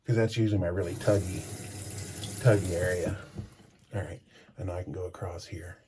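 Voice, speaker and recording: In a casual vlog, a man tells a rambling, chatty story while shaving, breaking off to comment on what he's doing. His voice sits low and mellow, with fairly even intonation at a normal speed, over slight background noise.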